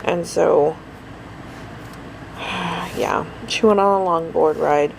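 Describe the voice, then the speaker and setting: A middle-aged woman talks through her day in a loose, rambling vlog, sounding tired. Her voice has a gravelly rasp, with a faint hum of noise behind her. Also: lowish voice, steady tone, drawn-out words, poor audio. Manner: rambling, chatty, lots of fillers. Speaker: vlogger. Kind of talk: casual daily vlog chat.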